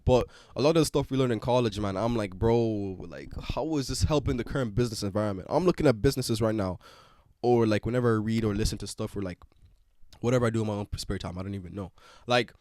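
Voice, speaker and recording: A man's voice: medium pitch, a little mellow, no room sound, studio quality. A young man in his twenties with an Irish accent, hosting a podcast in a rambling, slangy way. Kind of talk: casual chat.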